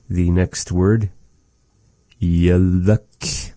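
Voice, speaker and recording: Man, very low dark voice, unhurried patient teacher repeating words, dry close mic. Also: steady tone, no room sound. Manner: slow, patient, repeats each word, folksy asides. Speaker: language teacher. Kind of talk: slow vocabulary lesson with repeated words.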